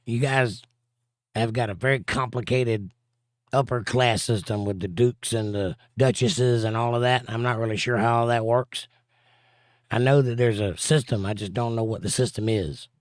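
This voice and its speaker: Man, Southern US accent, livestream host, dry sarcastic humor, middle pitch, dry close sound. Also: moderate pace, dry recording. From southern United States. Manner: dry, sarcastic, drawling asides. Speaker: livestream host reading chat. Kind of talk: casual chat.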